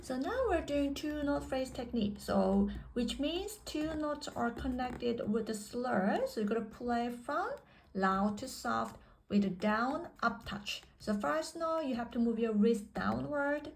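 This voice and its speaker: Slow-talking woman teaching piano. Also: fairly high pitch, expressive, gravelly, rough recording. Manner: patient, repeats and rephrases points. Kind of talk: spoken instruction. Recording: faint piano music behind. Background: piano playing.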